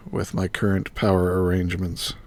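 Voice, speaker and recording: Guy streaming his game, kinda low voice with fry, mumbling item names to himself. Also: monotone, normal speed, a little mellow. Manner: thinks aloud, muttering item names. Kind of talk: live gameplay commentary.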